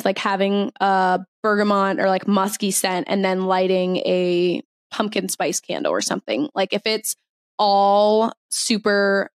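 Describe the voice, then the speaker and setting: A young woman co-hosting a laid-back podcast, rambling chattily with plenty of fillers and little laughs. Her voice sits at an ordinary middle pitch. The sound is dry and close, with no room around it. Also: dry recording. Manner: chatty, giggly, lots of filler words. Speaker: podcast co-host. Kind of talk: casual chat.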